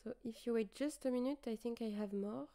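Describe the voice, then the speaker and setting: A tired young woman with a French accent streams live, chatting casually and pausing as she hunts for English words. Her voice sits on the high side, brisk and warm.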